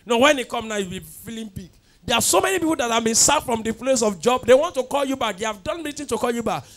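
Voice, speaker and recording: High-voiced fervent pastor. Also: male voice, expressive, fast talker, a bit bright. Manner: fervent, repetitive call-and-response preaching. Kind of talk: sermon with sung prayer chants. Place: church at a night prayer service.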